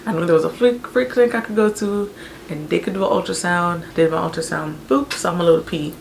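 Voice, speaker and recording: A young woman telling a personal story in a casual, animated, chatty way, with many fillers. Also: on the low side, a little fast, creaky, a little hiss or hum. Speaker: vlogger telling her birth story.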